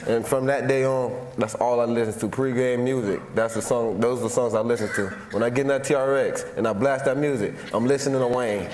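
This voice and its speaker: A man in his twenties from Florida, giving an award acceptance speech from a stage in a large hall, heartfelt and halting, repeating himself as he holds back emotion. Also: medium pitch, steady tone, darkish tone. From Florida, USA. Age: 20s. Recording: echoey hall with long reverb and faint noise.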